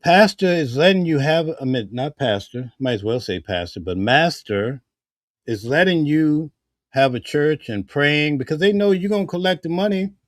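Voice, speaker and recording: A man's voice: fairly high pitch, expressive, moderate pace, no room sound, clean studio sound. A man giving casual spoken commentary in a heated, preachy way, full of rhetorical questions. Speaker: vlogger.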